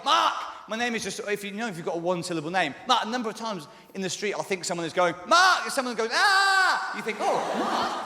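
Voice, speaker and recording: Fast-talking man doing stand-up in a hall. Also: high-pitched, sharp tone. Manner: rambling, hedging with lots of ums and sort ofs. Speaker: stand-up comedian. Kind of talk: live stand-up comedy. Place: large live venue on stage. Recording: echoey hall from the stage.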